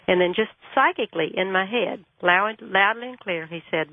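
A woman guest calling in to a radio show, telling a story and acting out the dialogue with lively energy. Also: mid-range voice, normal speed, hardly any pauses, dry recording. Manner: animated, acts out dialogue. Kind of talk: phone-in storytelling. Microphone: telephone. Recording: tinny phone line.

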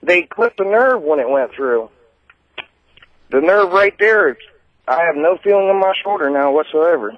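A man's voice: a little high, expressive, moderate pace. A man calling in to a radio show, recounting events in a matter-of-fact, plain-spoken way over a dull phone line. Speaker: caller. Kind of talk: call-in radio chat.

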